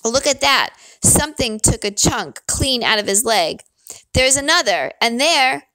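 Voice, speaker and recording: A woman's voice: a little high, big pitch swings, a little slow, pushed and bright, no room sound, pitched above the performer's own voice, full character voice, rough recording. A woman voicing a shaken man with a quivering voice.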